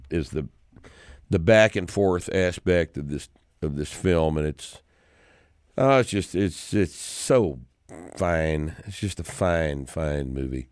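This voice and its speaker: A man in his sixties with a very low voice talks through his favorite films in a loose, rambling way, restarting his sentences often. When he gets going he turns loud and indignant. The sound is dry and close, with almost no room around it. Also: clear, resonant tone, no echo. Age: 60s. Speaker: podcast host. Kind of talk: casual chat about movies.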